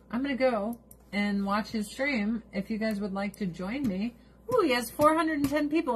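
Middle-aged woman, husky voice, blunt profane ranting, casual chat to viewers. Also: mid-range voice, fairly bright tone. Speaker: streamer.

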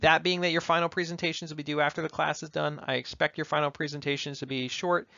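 A man's voice: fairly high pitch, little pitch movement, fast talker, vocal fry, sharp tone, no echo, lo-fi sound. A male university lecturer giving a recorded lecture in a conversational way, often checking in with tag questions.

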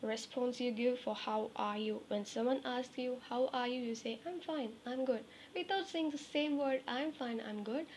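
A woman teaching English phrases, repeating each example slowly and checking in with her students. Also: fairly high pitch, a little mellow, a little hiss or hum. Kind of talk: spoken English lesson.

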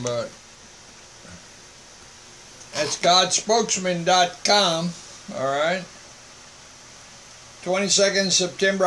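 A man's voice: sits high, a bit bright, slight background noise, rough recording. A man, a missionary broadcasting a casual monologue from home and checking in with "all right?". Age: 70s. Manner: slow, folksy, repeats "all right?".

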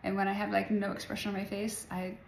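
A woman in her forties chats to her followers in a loose, wandering way and laughs often. Her voice has a gravelly, fry-heavy texture. The sound is roomy and echoey, with faint ambience behind her. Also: medium pitch, flat delivery, quick pace, a little hiss or hum. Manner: chatty, rambling, laughs often. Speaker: spiritual vlogger. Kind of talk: casual spiritual talk to viewers.

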